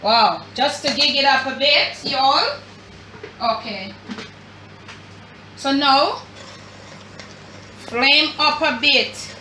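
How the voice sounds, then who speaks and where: A chatty Jamaican woman walks her viewers through a recipe in a home kitchen, talking easily to them as family. Her voice is bright and fairly high. It comes from a step away from the mic, with an echoey room around it. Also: drawn-out words, pauses often, far from the mic, a little hiss or hum. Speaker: cooking show host. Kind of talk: casual cooking demonstration.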